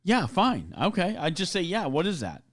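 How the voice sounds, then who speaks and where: A man's voice: high voice, moderate pace, a little hiss or hum. A man hosting a casual podcast chat, telling a frustrated story with lots of swearing. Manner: animated ranting storyteller, swears a lot. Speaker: podcast host.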